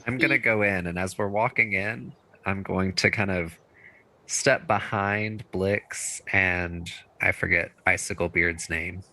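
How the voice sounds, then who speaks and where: Deep, bright-toned player, formal and emphatic. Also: male voice, fairly even intonation, a little slow, rough recording. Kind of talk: tabletop role-play.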